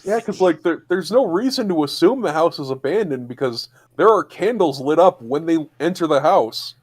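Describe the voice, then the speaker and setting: A man's voice: on the high side, expressive, moderate pace. Hesitant, analytical man in casual chat. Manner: hesitant and analytical, with frequent fillers and restarts. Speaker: podcast co-host.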